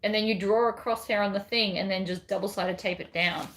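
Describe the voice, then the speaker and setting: A woman's voice: mid-range voice, steady tone, a little fast, a bit bright. A woman chatting casually while she sews a bag on a livestream, reading viewer comments and rambling between steps. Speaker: bag pattern designer. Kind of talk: casual livestream crafting chat.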